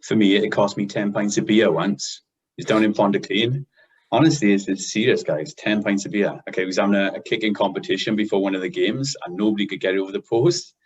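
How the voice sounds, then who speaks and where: Male podcast co-host, deep and husky, chatty storyteller. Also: brisk, highs cut off. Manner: chatty storyteller, laughs at own jokes. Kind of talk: casual podcast chat, telling jokes.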